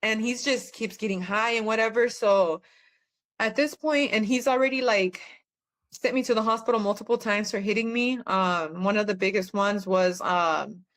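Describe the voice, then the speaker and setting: A woman's voice: mid-range voice, a bit bright. A woman guest on a podcast, telling a personal testimony in a candid, plainspoken way.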